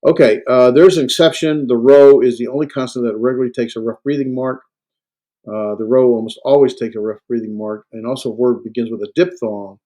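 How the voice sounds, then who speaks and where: A man lecturing on Greek to a class, halting and full of fillers and self-corrections. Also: medium pitch, fairly even intonation, mellow. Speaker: Greek instructor.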